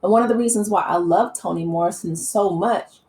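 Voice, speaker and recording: A woman's voice: on the low side, brisk, darkish tone, slight background noise, poor audio. A woman vlogger giving impassioned, earnest opinion commentary, with many fillers and restarts.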